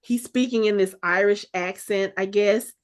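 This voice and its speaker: A woman co-hosting a podcast, casually recapping a TV episode in an animated way and acting out the characters' lines as she goes. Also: mid-range voice, normal speed. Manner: animated, retells scenes with quoted lines. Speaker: podcast co-host. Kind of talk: casual show recap chat.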